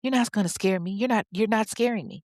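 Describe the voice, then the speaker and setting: An offhand man, voiced by a podcast narrator, who brushes people off bluntly. He sounds casual and unbothered, in a mid pitch. The recording is close and dry. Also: quick pace, darkish tone, no echo, close to an everyday voice. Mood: unfazed. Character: casual, dismissive jazz musician man.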